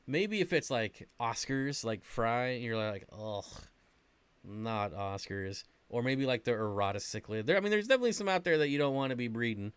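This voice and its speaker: A man's voice: mid-range voice, sing-song, fairly quick, hardly any pauses, smooth, no room sound. Casual chatty man on a livestream. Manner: rambling, chatty, reading and answering chat. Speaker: aquarium channel host.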